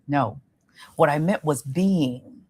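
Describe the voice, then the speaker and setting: A woman relationship coach talking in a podcast interview, explaining in a measured way with pauses. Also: deep voice, darkish tone, husky.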